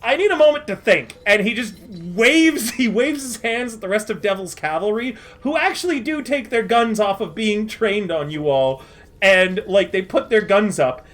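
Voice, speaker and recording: Animated woman narrating a tabletop game. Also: medium pitch, normal speed. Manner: animated, laughing often. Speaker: game master.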